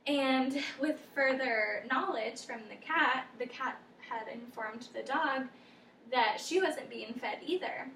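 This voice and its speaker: A young woman casually retelling a folktale as a storyteller, with animated, loose character voices. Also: a little high, a little hiss or hum. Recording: echoey room from a distance, faint ambience.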